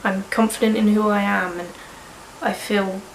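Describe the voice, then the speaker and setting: A woman's voice: medium pitch, level tone, normal speed, creaky, reverberant, a little hiss or hum, low-quality recording. A woman in her early twenties with a cold, vlogging in a frank, rambling way and swearing casually. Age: early 20s. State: sniffly with a cold. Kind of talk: candid personal vlog.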